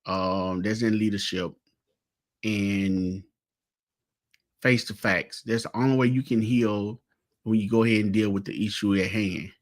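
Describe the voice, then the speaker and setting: A man co-hosting a live sports stream, speaking in an earnest, measured way. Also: fairly low pitch, fairly even intonation.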